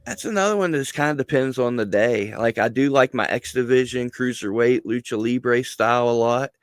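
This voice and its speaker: Animated, profane male podcast guest. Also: medium pitch, a little fast, no echo. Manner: animated storyteller, swears freely, laughs mid-sentence. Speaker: guest, wrestling personality. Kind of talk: casual podcast chat.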